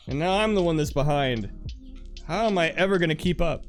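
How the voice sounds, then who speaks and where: A chatty man talking to his stream audience in a lively, up-and-down voice that sits a touch on the higher side. He laughs often and restarts his sentences as he goes. Faint music plays behind him. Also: slow, long pauses. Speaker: livestreamer. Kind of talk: casual live-stream chat with viewers.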